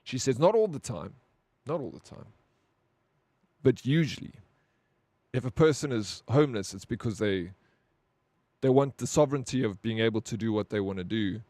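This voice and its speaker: A man's voice: fairly low pitch, darkish tone, no room sound. A South African man chatting casually to his live-stream viewers, blunt and profane, rambling with lots of "bro".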